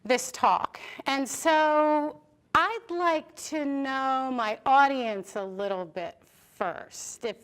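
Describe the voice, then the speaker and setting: Lively high-voiced woman lecturing. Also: extremely slow. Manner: lively, chatty, asks audience questions. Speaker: art therapy professor giving a lecture. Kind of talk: public lecture with audience interaction. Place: lecture hall with live audience. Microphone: stage microphone, sometimes moving off it.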